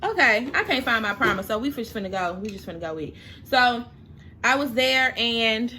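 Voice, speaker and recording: Chatty, emotional young woman, bright voice. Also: a little high, lively intonation, moderate pace, slight background noise. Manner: chatty, emotional, tearing up at times. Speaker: makeup vlogger. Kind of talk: casual storytime chat while doing makeup.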